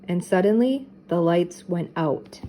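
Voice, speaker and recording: An older woman reading a children's mystery book aloud, clear and expressive. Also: lowish voice, a little slow, poor audio. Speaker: storybook reader. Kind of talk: children's storybook read-aloud.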